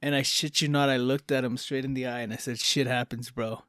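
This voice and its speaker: A man's voice: mid-range voice, level tone, quick pace, a bit bright, clear, resonant tone, no room sound, clean studio sound. A man co-hosting a casual podcast chat, telling stories bluntly and confidently. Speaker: podcast co-host.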